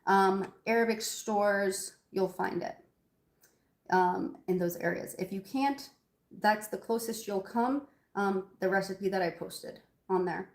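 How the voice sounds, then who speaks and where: A woman hosts a live cooking stream from her home kitchen, chatting loosely with viewers and calling them by name. Her voice sits at a middling pitch and talk meanders with frequent ums. The kitchen gives a noticeable echo. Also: slow pace. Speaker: cooking livestream host. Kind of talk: casual live cooking chat.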